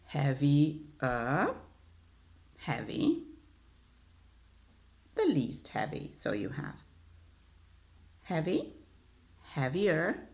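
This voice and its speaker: A woman with an Italian accent gives an online English lesson in a low, animated voice. She speaks slowly, drills each rule aloud over and over and keeps checking in with "okay?". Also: vocal fry. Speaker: English teacher.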